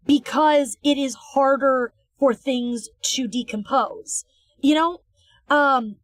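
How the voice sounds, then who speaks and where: A woman streamer chats casually while she draws, animated and quick to swear as she rants. Her voice sits high, and the recording is dry and close, with no room sound. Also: dry recording. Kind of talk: casual chat while drawing.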